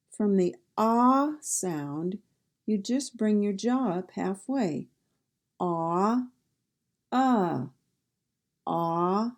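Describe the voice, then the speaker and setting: Very slow, deliberate woman teaching sounds. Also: medium pitch, dark tone. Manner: deliberate, repeats each sound and word. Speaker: pronunciation teacher. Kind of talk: slow pronunciation drill.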